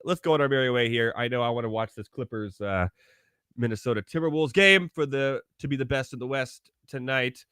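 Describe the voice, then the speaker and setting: An upbeat man hosts a casual podcast with a bright, forceful voice that sounds close and dry. He laughs often and plugs the show between chat with his guests. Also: mid-range voice, brisk, clean tone, no room sound. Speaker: podcast host.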